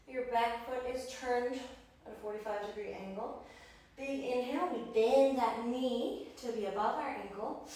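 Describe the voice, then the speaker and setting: A yoga instructor with a fairly high voice guides a class in an echoey room, far from the microphone, with slight background noise. Slightly breathless, she offers encouraging cues and counts the breaths.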